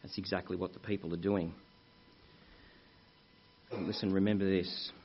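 A man's voice: sits low, level tone, moderate pace. A man preaching a sermon in an earnest way, calling the congregation brethren and telling anecdotes. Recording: muffled lo-fi recording.

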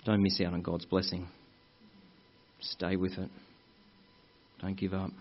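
Husky-voiced male preacher, lo-fi recording. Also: deep voice, monotone, takes it slowly. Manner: earnest, addresses congregation as brethren, tells anecdotes. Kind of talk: sermon. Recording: muffled lo-fi recording.

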